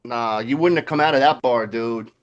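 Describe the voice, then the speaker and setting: A man's voice: medium pitch, moderate pace, dull audio, a little hiss or hum. A man in casual chat who drops knowing, conspiratorial asides.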